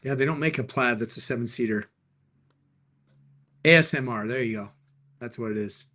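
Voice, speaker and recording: A man's voice: mid-range voice, sharp tone. Upbeat man hosting a live sales stream. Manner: upbeat, jokey, quick replies to chat. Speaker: livestream host and car dealer. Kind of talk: live stream chat answering viewers.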